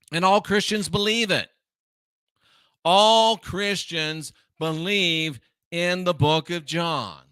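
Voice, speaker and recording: A man's voice: a little high, pushed and bright, clear, resonant tone, no echo, clean studio sound. A man hosting his show, lecturing on scripture in an emphatic, scornful way that repeats phrases for force. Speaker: host.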